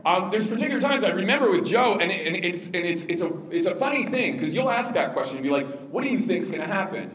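A man giving an informal teaching talk to a church audience about parenting, conversational, with many fillers and lively quoted asides. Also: high-pitched, fast, few pauses, roomy sound, a little hiss or hum, poor audio. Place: room with an audience.

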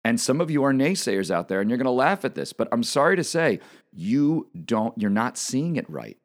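An emphatic man delivers a political commentary monologue with a lively, swinging pitch. He repeats himself for emphasis and talks straight to his listeners. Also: moderate pace. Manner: emphatic, repetitive, addresses audience directly.

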